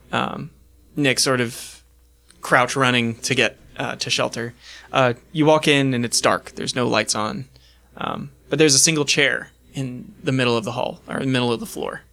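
A man narrating a tabletop role-playing game as game master, with a relaxed storytelling manner and plenty of fillers. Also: medium pitch, normal speed, gravelly.

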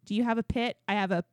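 A young woman co-hosting a podcast in casual chat, telling stories with lively acted-out quotes. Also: on the high side, no room sound, clean studio sound. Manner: animated storyteller, acts out quotes loudly. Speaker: podcast co-host.

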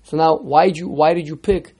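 A man teaching a text study class, lively, firing rhetorical questions at his students and repeating words as he starts sentences. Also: on the high side, brisk, husky. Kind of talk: interactive text lesson.

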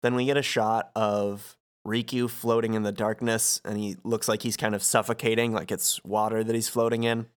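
A man's voice: on the low side, little pitch movement, normal speed, hardly any pauses, smooth. A man co-hosting a podcast, recapping game scenes in dry, matter-of-fact casual chat and reading lines in his own plain voice. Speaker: podcast co-host.

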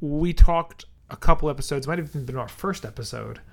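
A man's voice: fairly high pitch, a little fast, creaky. Man explaining with hesitant restarts. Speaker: podcast co-host. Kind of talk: casual chat, explaining.

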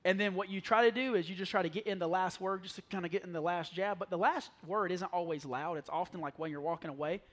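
A man preaching a sermon to a church, telling lively stories and dropping to a near whisper for asides. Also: high voice, fast, hardly any pauses. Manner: animated storytelling, drops to a near whisper for asides. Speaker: pastor. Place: church sanctuary.

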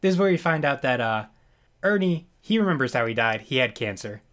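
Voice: mid-range voice, expressive, a little fast, a bit bright. A podcast co-host in casual chat, retelling scenes from a show and laughing often.

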